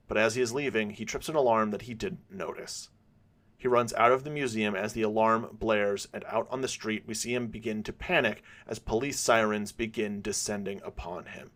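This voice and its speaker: A man narrating a fan-made episode in a measured storytelling way. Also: lowish voice, a bit bright.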